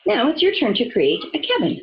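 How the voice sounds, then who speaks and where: A woman voicing a calm, careful male builder in a storybook, patient and mildly scolding. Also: sits high, brisk, highs cut off, background noise, voice pushed up, exaggerated voice.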